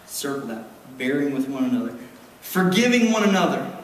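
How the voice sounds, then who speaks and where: A man's voice: mid-range voice, sing-song, brisk. A male pastor preaching a sermon, emphatic and rising to fervent exhortation, recorded in a church sanctuary. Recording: echoey hall from far off.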